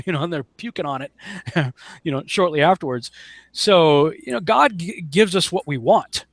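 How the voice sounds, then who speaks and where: A man leading a casual online Bible study, animated, acting out quotes in a raised voice and chuckling often. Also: fairly high pitch, normal speed, no room sound. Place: home setup on a live broadcast.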